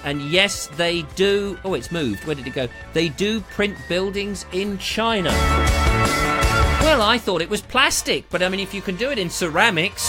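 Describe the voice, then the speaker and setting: A man's voice: high-pitched, lively intonation, normal speed, music in the background. A middle-aged man, hosting a rambling live stream with theatrical rants, asides and sound effects. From England. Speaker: live show host.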